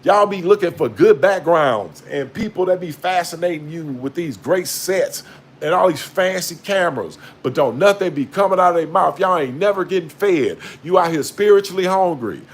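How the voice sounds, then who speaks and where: A man giving a blunt, profane, preachy spiritual monologue to a low-held phone camera. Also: animated, moderate pace, slightly rough. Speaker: vlogger.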